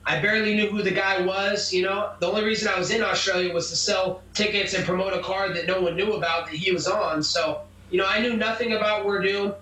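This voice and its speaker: A brash, combative man with a high, bright voice recounts events in an interview, cursing freely. The sound is echoey, and he is heard from some distance off the mic. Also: fairly even intonation, brisk. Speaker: MMA fighter. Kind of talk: interview, telling a story.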